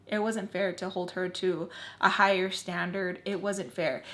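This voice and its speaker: A woman's voice: fairly low pitch, fairly even intonation, measured pace, a bit bright. A woman vlogger telling a personal story while doing her makeup. She talks casually and bluntly, swears freely, and acts out what people said. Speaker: beauty vlogger.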